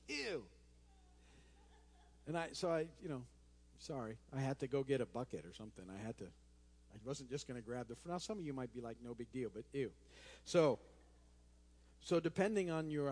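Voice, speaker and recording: Chatty pastor preaching in a reverberant church. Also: male voice, medium pitch, a little mellow. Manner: conversational, chatty with frequent restarts and asides. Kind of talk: sermon. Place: church sanctuary. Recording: long hall reverb in a church.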